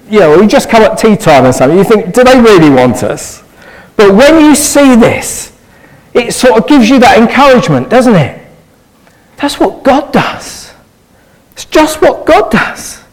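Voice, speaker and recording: Male preacher, earnest sermon delivery, high and very animated pitch, eager rhetorical questions. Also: rough recording.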